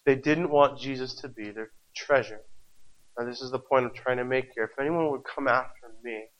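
A man's voice: mid-range voice, moderate pace. Impassioned male preacher, lo-fi sound. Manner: impassioned, repetitive preaching with rhetorical questions. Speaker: pastor. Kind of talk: sermon. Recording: dull lo-fi recording.

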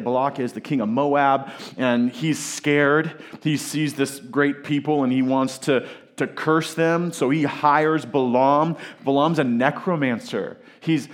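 A man preaching a sermon, retelling a scripture story in a casual, animated way with asides to his listeners. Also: a little high. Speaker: pastor.

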